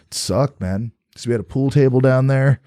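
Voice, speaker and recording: A man's voice: mid-range voice, normal speed, mellow, clear, resonant tone, dry recording, clean studio sound. A man from New Jersey telling a rambling story as a guest in casual chat, swearing freely. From New Jersey, USA.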